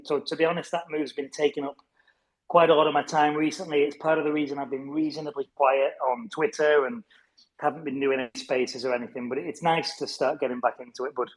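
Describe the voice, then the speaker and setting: A man's voice: a little high, poor audio. A man from Wigan with a northern English accent, a chatty interview guest who calls everyone mate. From Wigan, Greater Manchester, England. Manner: chummy, says mate and buddy a lot, chatty. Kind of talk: casual online interview chat.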